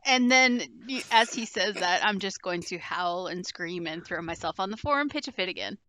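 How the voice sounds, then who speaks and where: A woman's voice: lowish voice, lively intonation, normal speed, pushed and bright, a little hiss or hum, low-quality recording. A woman playing a tabletop game, theatrical and whiny in character. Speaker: player.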